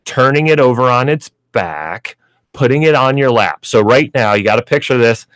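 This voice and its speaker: A man's voice: medium pitch, lively intonation, normal speed, fairly bright tone, no echo. A man hosting a pet store radio show, explaining pet training in a chatty way with lots of fillers, in a radio studio. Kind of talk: radio pet advice talk.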